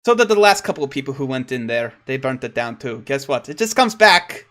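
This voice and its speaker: A man's voice: mid-range voice, big pitch swings, a little fast, a bit bright, pitched below the performer's own voice. A man voicing a grumpy, suspicious male shopkeeper in a tabletop game, scornful and snapping at outsiders. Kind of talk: tabletop game role-play.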